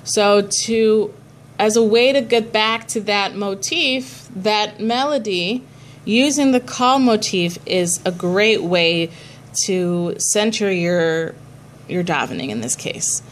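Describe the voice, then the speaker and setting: A woman's voice: medium pitch, slow pace, a little hiss or hum. A woman cantor teaching a class on chanting prayers, explaining patiently and chanting short examples.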